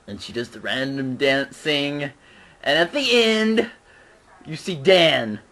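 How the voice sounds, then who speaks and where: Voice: mid-range voice, lively intonation, slow pace, a bit bright. A fan recapping a TV episode in a casual vlog, rambling and giggling, with frequent restarts. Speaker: show reviewer.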